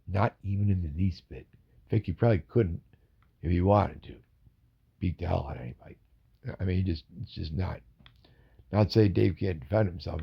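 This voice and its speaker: Gravelly, rambling storyteller man. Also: low-pitched, dull audio. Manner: rambling, animated storyteller with asides. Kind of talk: casual storytelling stream.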